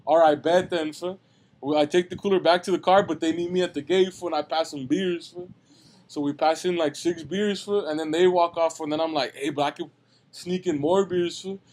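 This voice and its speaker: A young man with a high voice tells a rambling, slang-filled story on a casual podcast. He talks loosely and ends nearly every phrase with "fool.". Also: fairly even intonation, brisk, a little mellow, slight background noise. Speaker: podcast co-host telling a story.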